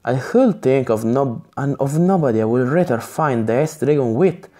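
A man reading the lines of a spirited young female adventurer in a gamebook, in a plain, slightly halting way. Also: medium pitch, expressive, mellow, lightly acted. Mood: eager.

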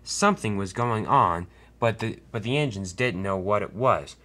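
A man's voice: on the low side, animated, moderate pace, a bit bright. A man casually narrating a toy train story, loose and unscripted, with frequent restarts.

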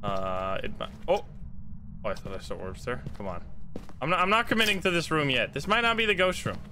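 A man's voice: fairly high pitch, very animated, fairly quick, bright, forceful tone, faint music behind. A man streaming gameplay live, talking to his chat, swearing and laughing at his own bad luck. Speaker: streamer playing a ghost-hunting game.

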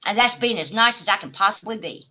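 A woman, live streaming a profane, taunting rant at a rival, swinging from shouted demands to low mutters. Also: animated, quick pace, low-quality recording. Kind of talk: confrontational livestream rant.

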